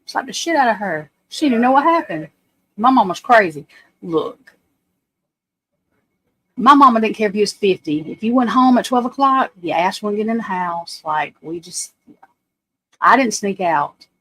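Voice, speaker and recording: A woman's voice: mid-range voice, expressive, moderate pace, pauses often, fairly bright tone, low-quality recording. Lady in her 40s just rambling on a livestream, cussing, blunt, talks to y'all like friends. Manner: rambling, blunt and profane storytelling, addresses viewers as y'all. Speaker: livestream host. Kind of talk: casual chat on a livestream.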